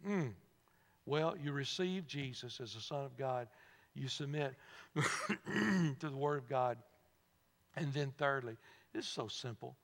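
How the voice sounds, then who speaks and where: A man's voice: medium pitch, animated, measured pace, pauses often. A man preaching a sermon in a church, talking conversationally, asking the congregation questions and laughing at his own stories. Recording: long hall reverb.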